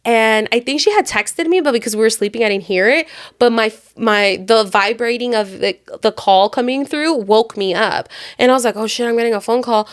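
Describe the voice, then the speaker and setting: A woman co-hosting a podcast, telling a long personal story in a loose, animated way, full of filler words. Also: a little high, fairly quick. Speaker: podcast co-host. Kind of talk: casual chat storytelling.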